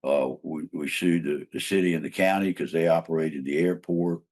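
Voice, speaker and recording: A man's voice: rumbling low, fairly even intonation, moderate pace, a little mellow. An older man, a trial lawyer and mediator, telling a long case story in a casual interview, rambling with fillers and restarts.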